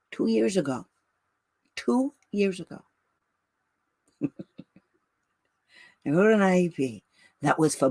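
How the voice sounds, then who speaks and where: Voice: mid-range voice, darkish tone, no echo, studio quality. A special education advocate in casual livestream talk with parents, blunt and brash, laughing often and calling listeners "girl" and "honey".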